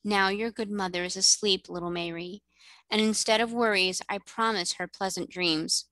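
A woman voicing a gracious, kindly mermaid queen who speaks in a cordial, measured way. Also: medium pitch, fairly even intonation, bright, forceful tone, no echo, lightly acted, poor audio.

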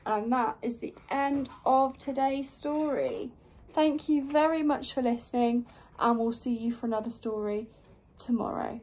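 A woman librarian hosting a children's storytime and reading a picture book aloud with expressive delivery. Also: a little high, measured pace, poor audio.

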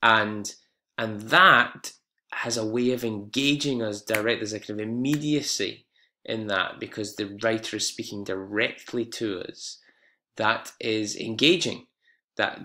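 Bright-voiced male English teacher. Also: fairly low pitch, measured pace. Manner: explanatory, with fillers and self-corrections. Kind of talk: exam-prep lesson.

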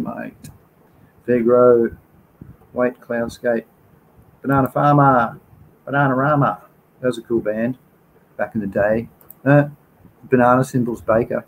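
A man's voice: medium pitch, creaky, a little mellow, a little hiss or hum, low-quality recording. A man with an Australian accent hosting a casual livestream, reading out viewer comments and answering questions in an informal, chatty way. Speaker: livestream host.

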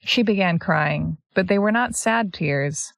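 A woman's voice: fairly low pitch, a little slow, creaky, no echo. A Canadian woman co-hosting a podcast in casual chat, reading passages aloud and making sarcastic asides. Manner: sarcastic, animated, often laughing. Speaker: podcast co-host.

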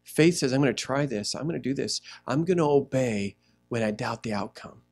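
A man pastor preaching a sermon in a church, animated, acting out little scenes as he goes. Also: medium pitch, normal speed. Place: church sanctuary.

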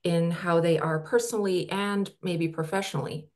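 A woman hosts an interview in a somewhat low voice. She asks her questions thoughtfully, pausing with fillers as she searches for words. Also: fairly even intonation. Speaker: host.

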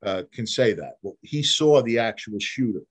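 A private investigator tells vivid case stories in a casual interview, an animated storyteller who acts out quoted dialogue and restarts often. His voice is lowish and slightly rough, at a moderate pace.

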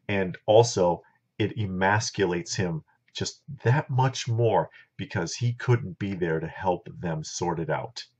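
Deep, husky middle-aged man telling a story. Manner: blunt, opinionated, talks straight to viewers. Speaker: vlogger. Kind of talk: casual storytelling monologue. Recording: dull lo-fi recording.

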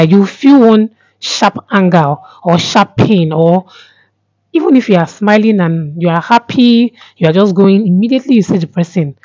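A young woman talking straight to camera in a casual vlog, earnest and repetitive, pausing often with "um". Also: on the low side, a little mellow, no room sound. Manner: earnest, repeats herself, many pauses with um. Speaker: vlogger. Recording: dull lo-fi sound.

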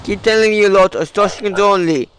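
A man's voice: high-pitched, fairly quick, fairly bright tone, voice pushed up, poor audio. A man voicing a stern, curt male border guard who snaps short orders, over game music.

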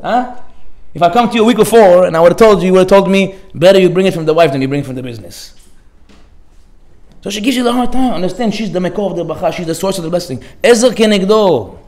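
A man's voice: sits high, animated, fast, darkish tone, roomy sound. A man giving a Torah class sermon as a rabbi, telling stories and asking rhetorical questions with Hebrew phrases mixed in.

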